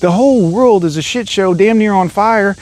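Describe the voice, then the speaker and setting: A man with a fairly high voice launches into an angry monologue, swearing freely and hammering every point with emphasis. It sounds like a one-man rant recorded for his own channel. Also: normal speed, a little mellow. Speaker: vlogger. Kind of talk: ranting monologue.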